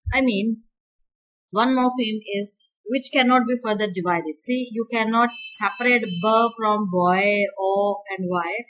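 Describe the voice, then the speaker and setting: A woman giving a university lecture, explaining slowly and repeating key words and examples. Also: medium pitch, fairly bright tone, low-quality recording.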